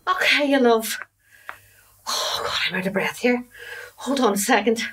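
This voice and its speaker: A woman's voice: fairly high pitch, moderate pace, noisy background, close to an everyday voice. An actress playing a chatty, gossipy middle-aged mother with a Belfast accent. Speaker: mother and wife. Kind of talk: comedy drama acting.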